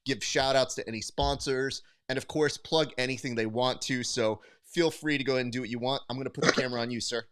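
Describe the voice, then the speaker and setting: A man hosting a casual interview podcast, telling coaching stories in an animated way, acting out the dialogue and swearing freely. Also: medium pitch, quick pace, few pauses, clean tone. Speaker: podcast host; wrestling coach.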